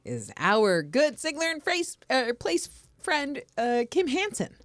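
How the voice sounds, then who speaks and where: A woman co-hosting a casual livestream chat, enthusiastic and quick to laugh. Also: high-pitched, sing-song, dry recording, studio quality. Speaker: podcast co-host.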